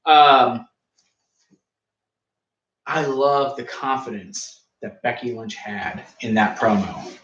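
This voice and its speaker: A man's voice: medium pitch, slow pace, long pauses, fairly bright tone, echoey room, lo-fi sound, a little hiss or hum. A young man co-hosting a podcast, joking and ranting in casual wrestling review chat. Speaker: podcast co-host.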